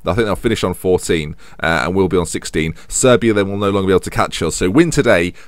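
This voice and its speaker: A man's voice: mid-range voice, dry recording. A young man commentating on a football management game, rambling and teasing himself as he goes. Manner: self-mocking, rambling, chuckles often. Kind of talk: casual let's-play commentary.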